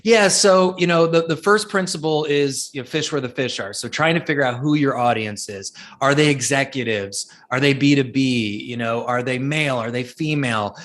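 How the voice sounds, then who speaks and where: Guy telling stories in an interview, lively, jumps up high when he quotes people, lots of restarts. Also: moderate pace, few pauses. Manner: animated storyteller, acts out quoted people, many restarts. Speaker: guest speaker and author. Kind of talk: storytelling interview answers.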